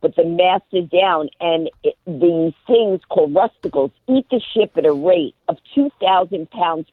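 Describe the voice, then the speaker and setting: A woman guest telling a story on a radio show in a lively way, acting out the people in it, over a phone line. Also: on the low side, unhurried, no room sound. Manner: lively, acts out every character. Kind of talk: animated storytelling on a radio call-in.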